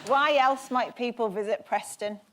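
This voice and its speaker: A woman hosting a comedy panel show, reading out comic questions with a laughing, bright delivery. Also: a little high, normal speed, heavy background noise. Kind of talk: scripted comic presenting.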